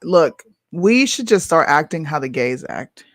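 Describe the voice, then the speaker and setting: A woman's voice: deep voice, sing-song, unhurried, few pauses, no room sound, studio quality. A woman co-hosting a casual talk show, blunt and exasperated, sometimes reading posts aloud. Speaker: podcast co-host. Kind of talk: casual chat.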